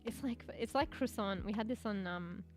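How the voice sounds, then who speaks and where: A woman's voice: mid-range voice, moderate pace, darkish tone, soft background music. Rambling, swearing Australian woman streamer. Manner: rambling, swears casually, chuckles. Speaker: VTuber streamer. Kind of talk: casual live-stream chat.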